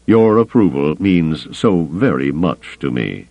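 Thrawn, a man doing a calm, cold alien admiral. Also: low-pitched, no room sound. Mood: dry. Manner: calm, measured, dry.

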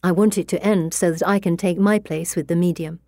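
A woman narrating a story in the first person, in a measured way. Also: on the low side, steady tone, darkish tone, no room sound, clean studio sound. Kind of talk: audiobook narration.

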